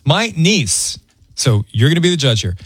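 A middle-aged man hosting a morning radio show, talking in an animated, dramatic, mock-aggrieved way. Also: a little high, moderate pace, husky, dry recording. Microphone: studio mic.

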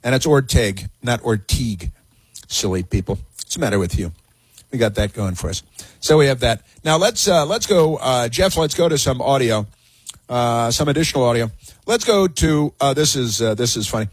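A talk radio host with a slightly husky male voice rambles through a sarcastic, mocking monologue full of fillers and restarts. His voice is close and dry, with no room around it. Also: medium pitch, lively intonation, fairly quick, no echo.

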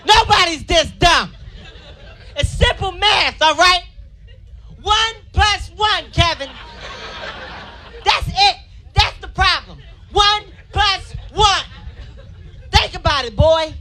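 A man putting on the voice of an angry, fed-up mother who shouts at her child during a stand-up routine. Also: extremely high pitch, lively intonation, pitched above the performer's own voice, heavily acted. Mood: scolding, shouting. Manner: shouting, exasperated, drawn-out emphasis. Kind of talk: stand-up comedy act-out. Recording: live club crowd and noise.

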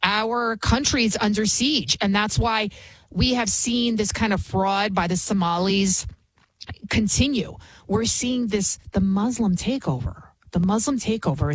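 A woman with a husky, slightly breathy voice delivers heated political commentary as a show host. She is emphatic and fervent, and she often stumbles and restarts mid-sentence. The sound is close and dry, with no room echo. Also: mid-range voice.

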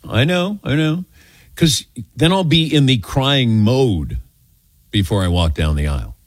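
Older male radio host, self-deprecating storyteller, animated delivery, dry close mic. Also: mid-range voice, measured pace, no room sound. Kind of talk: call-in radio chat.

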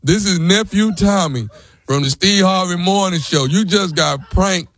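A man who hosts a radio prank segment, revealing the prank in a drawn-out announcing way. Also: high voice, fairly bright tone, dry recording.

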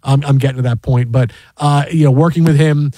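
A man's voice: medium pitch, steady tone, a little fast, dark tone, dry recording. A man hosting a sports radio show, rambling through a story with many restarts. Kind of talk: casual sports radio chat. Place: radio studio. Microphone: studio mic.

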